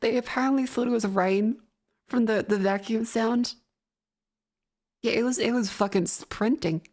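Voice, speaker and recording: A woman's voice: a little high, moderate pace, a little mellow. A young woman streamer chatting casually, telling a rambling story full of laughs and swearing. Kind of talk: casual chat.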